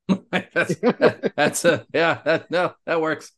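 A man from Florida co-hosting a casual sports podcast, swearing and laughing often, breaking into excited bursts. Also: on the high side, slow pace. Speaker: podcast co-host.

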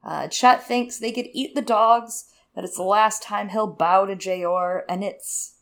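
A woman's voice: medium pitch, unhurried, creaky, a bit bright. A woman co-hosting a casual book podcast, summarizing chapters with wry, sarcastic asides. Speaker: podcast co-host.

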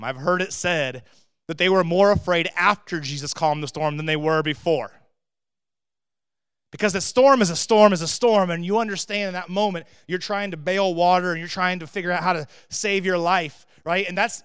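A man preaching a sermon in a conversational way, with rhetorical questions and swings from loud emphatic bursts to quiet asides. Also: high voice, clear, resonant tone. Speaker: pastor.

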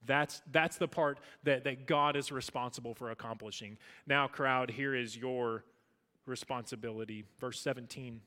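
A man preaching a sermon as pastor, emphatic, swinging between loud declarations and hushed lines. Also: medium pitch, fairly even intonation, normal speed. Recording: long hall reverb.

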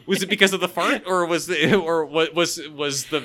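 A man's voice: a little high, normal speed, pushed and bright. A man co-hosting a casual podcast, riffing playfully and laughing easily. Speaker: podcast co-host. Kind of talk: casual chat.

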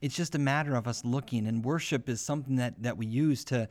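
A man's voice: medium pitch, fairly quick, darkish tone. A man hosting a devotional podcast, talking earnestly in a loose, repetitive preaching style and often saying "man". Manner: earnest, repeats himself, says "man" often. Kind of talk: informal spoken devotional.

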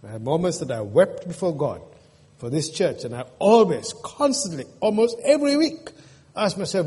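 A pastor preaches to his congregation with earnest feeling, often turning to them with questions. His voice sits a little high and sounds husky. A long church reverb trails after each phrase. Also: very animated, moderate pace, a little mellow. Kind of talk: sermon.

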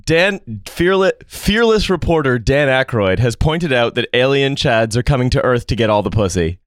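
A man's voice: medium pitch, animated, normal speed, smooth, dry recording. A wry man hosts a comedy podcast, giggling as he steers the talk. His voice sits in a middle register and sounds close and dry, with no room at all. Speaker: podcast host. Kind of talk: casual comedy podcast chat.

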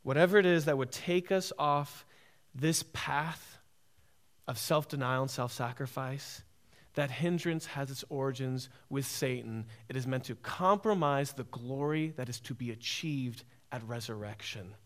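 A man's voice: mid-range voice, a little slow. A man preaching a sermon, emphatic and repetitive, often asking "right?".

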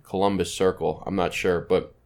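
A man co-hosting a podcast in casual chat, describing places in a relaxed way. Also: low-pitched, normal speed. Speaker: podcast co-host.

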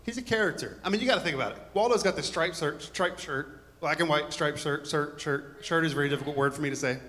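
Man, pastor, conversational sermon, joking asides, fairly high bright voice, long church reverb. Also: fast. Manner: joking, rambling asides, warm storytelling.

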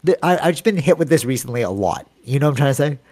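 Rapid-fire and expressive, this man's mid-range, slightly mellow voice carries a casual podcast he hosts. He's in his thirties, full of energy, and packs his speech with "like"s and "you know"s.

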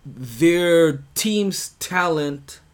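A man's voice: fairly high pitch, expressive, drawn-out words. A man hosting a sports podcast, talking casually and rambling with restarts, bursts of emphasis and laughs. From United States. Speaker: podcast host.

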